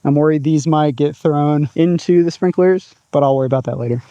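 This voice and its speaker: A man's voice: on the high side, fairly even intonation, fairly quick, warm tone, no room sound, highs cut off. A man casually talking through his disc golf throws in an open field, upbeat and chatty. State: out of breath at times. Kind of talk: casual outdoor vlog commentary.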